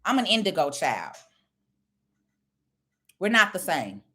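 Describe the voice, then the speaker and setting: A woman's voice: lowish voice, sing-song, slow, bright, forceful tone. A woman speaking blunt, preachy casual talk, lecturing her viewers. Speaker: online commentator. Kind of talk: casual direct-to-camera talk.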